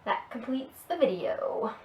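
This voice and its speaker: A woman's voice: a little high, sing-song, a little slow, distant mic, muffled recording. A young woman co-hosting a casual beauty vlog, playful and self-deprecating. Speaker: beauty vlogger. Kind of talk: casual chat. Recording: echoey room, faint noise.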